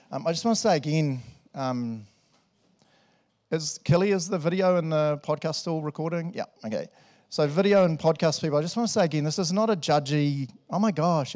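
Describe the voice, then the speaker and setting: A middle-aged man with a New Zealand accent preaching a sermon in a relaxed, conversational way, laughing often and tagging lines with "eh" and "right". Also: on the high side, gravelly. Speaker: pastor. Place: church hall with congregation.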